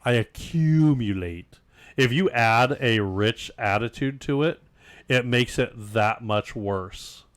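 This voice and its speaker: A man's voice: medium pitch, slow pace, a bit bright. A man co-hosting a casual podcast, joking about fancy words and mocking pompous speech. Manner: jokey, mocks pompous speech. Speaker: podcast co-host. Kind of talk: casual chat.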